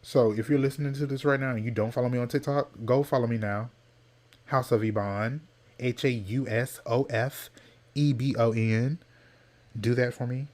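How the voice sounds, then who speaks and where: A man's voice: medium pitch, steady tone, moderate pace, darkish tone. A man hosting a podcast, ranting in a sassy, dramatic way and repeating points for emphasis. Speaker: podcast host. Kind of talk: casual solo rant.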